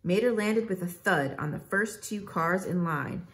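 A woman reading a children's storybook aloud in a measured, expressive way. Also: fairly low pitch. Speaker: narrator.

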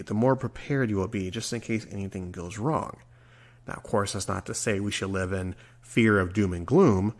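Speaking in a lowish, creaky voice, a man in his forties delivers a reflective solo podcast monologue as its host. He comes across earnest and rambling, at times stumbling as he talks.

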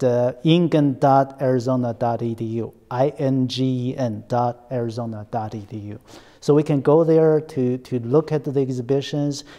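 A man's voice: medium pitch, mellow. A man hosting an academic conversation, hesitant and repeating himself, often ending points with a tag question. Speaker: interview host, center scholar.

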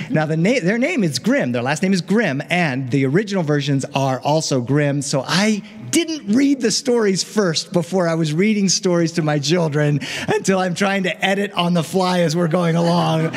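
A male storyteller performing a fairy tale live. He speaks in animated style with playful asides to the listeners. His fairly high voice carries a long hall reverb.

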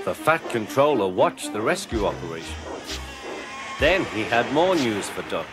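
A man narrating a children's train story in an expressive, animated way. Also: fairly low pitch, normal speed. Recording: narration over clear music.

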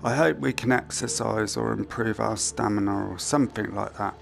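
A man's voice: fairly low pitch, normal speed, creaky, soft background music. A man thinking aloud to himself as he plays through a video game, giving let's-play commentary into a headset mic. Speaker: gamer.

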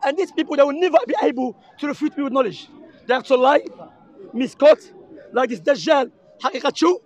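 High-pitched, impassioned Arabic-accented man. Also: fairly quick, lo-fi sound, a faint crowd. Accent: Arabic-accented English. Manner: impassioned, insistent, repeats himself. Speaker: street preacher debating a crowd. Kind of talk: heated street debate. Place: outdoors in a public park.

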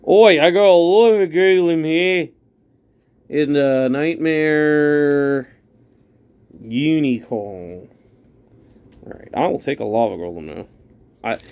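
A man giving casual commentary while opening trading card packs, chatty and excitable, thinking aloud as he sorts his pulls. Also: fairly high pitch, smooth.

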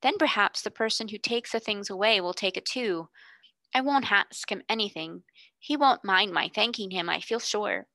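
A woman voicing a kind, gentle young girl who speaks softly and earnestly, often near a whisper. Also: medium pitch, moderate pace, dry recording. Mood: grateful.

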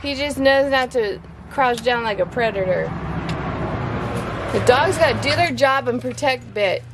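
A mother chats playfully with her son for a vlog by the chicken yard, laughing often amid faint outdoor noise. Her high voice is expressive and a little slow.

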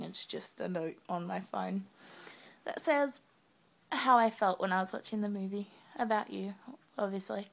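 Drowsy young woman with a creaky voice. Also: mid-range voice. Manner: soft, drowsy and affectionate, talking with eyes closed. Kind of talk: sleepy video message to a partner. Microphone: webcam.

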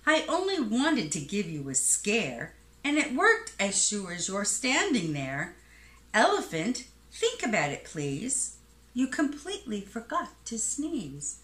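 Cheeky tiny mouse, lady reading, slow and bright, echoey room. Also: mid-range voice, huge pitch swings, heavily acted. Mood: teasing. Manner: teasing and playful. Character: little gray male mouse, cheeky. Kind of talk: storybook read-aloud.

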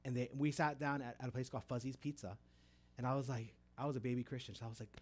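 A man's voice: medium pitch, fairly even intonation, quick pace, a little mellow. A man preaching a testimony sermon, telling stories animatedly and acting out voices in quoted dialogue. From Texas.

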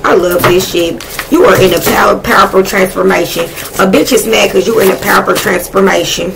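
Profane, excitable woman tarot reader. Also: medium pitch, a little fast, vocal fry, background noise. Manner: profane, blunt and excitable, talking to spirit. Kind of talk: casual live tarot reading.

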